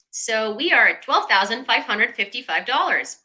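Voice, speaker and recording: A young woman chats with her livestream audience from a desk mic at home. Her voice is bright and carries a bit of edge. She fills pauses with "um" and turns sarcastic when she is annoyed. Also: on the high side, sing-song, rough recording. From Ukraine. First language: Ukrainian. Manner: chatty, with many fillers, sarcastic asides. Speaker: livestream host. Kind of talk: casual livestream chat.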